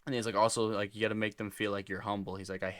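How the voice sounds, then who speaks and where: A man's voice: on the low side, level tone, racing, fairly bright tone. A young man rambling loosely through casual reaction commentary, with many fillers. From United States. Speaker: reaction video host.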